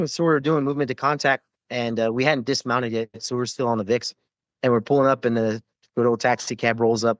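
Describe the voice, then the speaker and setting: A man's voice: mid-range voice, no echo, lo-fi sound. A man, a former Navy corpsman, telling rambling war stories with lots of swearing and fillers in a casual podcast interview.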